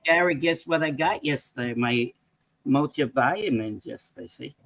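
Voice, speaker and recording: A man, a guest on a live-stream talk show, talking in an excitable way and calling out viewers in the chat. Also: mid-range voice, normal speed, creaky, no room sound. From New York. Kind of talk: casual live-stream banter.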